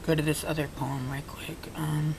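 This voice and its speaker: A man's voice: little pitch movement, moderate pace. A man, thinking aloud as he works through a puzzle, with many fillers and restarts. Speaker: puzzle-solving video creator. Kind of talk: casual on-screen analysis. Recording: faint rumbling background noise.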